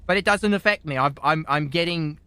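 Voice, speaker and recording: Guy playing a stammering junkie on trial, bright sharp voice, kinda high, bone-dry sound. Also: a little fast, clean tone, dry recording. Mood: boastful. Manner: stammering, rambling, excitable. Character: brash drug-addled male defendant, rambling and shameless. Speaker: defendant in a roleplay trial. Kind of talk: improvised game roleplay.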